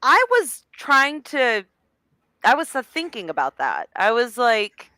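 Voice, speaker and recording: A woman's voice: on the high side, wildly swooping pitch, bright, forceful tone, dry recording. A woman co-hosting a fan podcast, chatting casually and taking her time to find her words. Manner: unhurried, searching for words. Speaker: podcast co-host.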